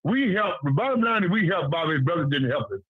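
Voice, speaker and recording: A man's voice: on the high side, sing-song, fast talker, breathy edge. A man talking boxing on a call, blunt and repetitive, with street slang. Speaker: guest on a boxing talk show. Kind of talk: casual phone-in chat. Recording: tinny phone line, dry.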